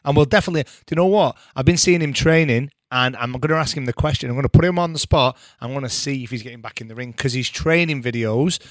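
A man's voice: mid-range voice, fast talker, hardly any pauses, no room sound, studio quality. A man from Salford, co-hosting a sports podcast in eager, chatty talk. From Salford, England. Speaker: podcast co-host. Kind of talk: casual sports chat.

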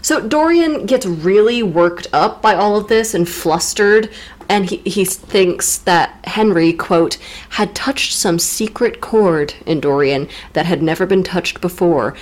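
A woman's voice: fairly low pitch, slow. A woman co-hosting a casual literature podcast, retelling a novel with playful, teasing jokes. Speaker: podcast co-host. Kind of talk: casual literary recap chat.

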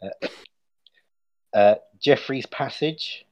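A man's voice: medium pitch, drawn-out words, darkish tone, no room sound, lo-fi sound. A man in his twenties co-hosting a casual podcast, laughing as he reads out a list. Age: 20s. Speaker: podcast co-host. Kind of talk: casual chat.

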